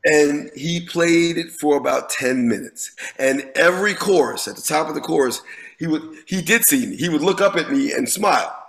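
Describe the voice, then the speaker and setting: Gravelly-voiced man telling a story. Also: fairly high pitch, normal speed, rough recording. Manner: animated, swears freely, repeats words when restarting. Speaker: guest musician. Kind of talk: casual storytelling in an interview.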